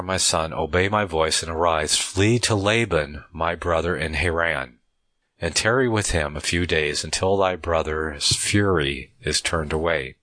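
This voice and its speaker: A man teaching from the Bible, reading the passages aloud at a measured pace and breaking off to comment on them in a conversational way, often restarting his sentences. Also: sits low, pushed and bright, no room sound.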